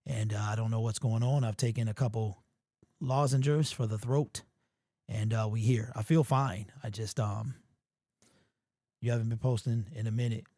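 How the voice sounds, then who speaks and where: A man with a hoarse, sore-throated voice, hosting a casual sports livestream and chatting loosely with viewers. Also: on the low side, fairly even intonation, normal speed, warm tone, no echo, studio quality. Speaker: sports show host.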